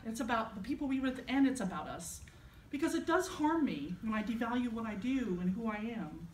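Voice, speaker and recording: Female minister, relaxed storytelling sermon, picked up from a distance in a reverberant sanctuary. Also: on the high side, brisk, a little hiss or hum. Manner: conversational, storytelling, self-deprecating. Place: church sanctuary. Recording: echoey church from a distance.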